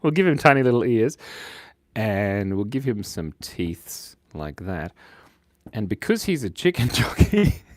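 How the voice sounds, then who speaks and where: A man's voice: lowish voice, big pitch swings, a little slow, dry recording, studio quality. A man hosting a live drawing stream, chatting playfully and reading out viewers' comments as he draws. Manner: playful, silly, reads chat aloud. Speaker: drawing livestream host.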